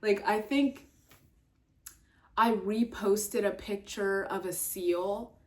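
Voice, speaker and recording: A young adult woman vlogging in a casual, rambling way, full of fillers and swearing, jumping up in pitch when exasperated. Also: fairly even intonation, takes it slowly, a little mellow. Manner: filler-heavy, swears, trails off and restarts.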